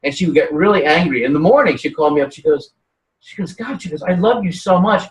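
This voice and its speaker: This guest is a man with a fairly high pitch who talks quickly, spinning animated, meandering stories in a relaxed conversation and starting over many times. His voice is picked up from afar in a roomy space.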